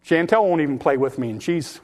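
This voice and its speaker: Delivering a sermon with passion, this preacher uses a homespun style, voicing Bible characters in everyday speech. When he urges his listeners on, his pitch rises. His delivery is expressive and brisk, with a slightly mellow tone.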